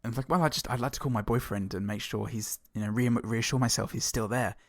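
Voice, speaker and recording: A man's voice: mid-range voice, steady tone, quick pace, no echo, studio quality. A man co-hosting a podcast, reviewing a film in casual, joking chat with plenty of swearing. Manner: sweary, joking, acts out lines from films. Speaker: podcast co-host.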